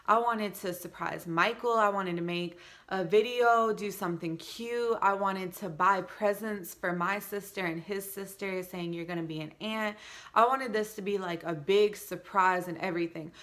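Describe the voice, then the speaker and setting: A young woman vlogger, pregnant, chatting casually through a storytime with many likes and animated asides. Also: medium pitch, normal speed.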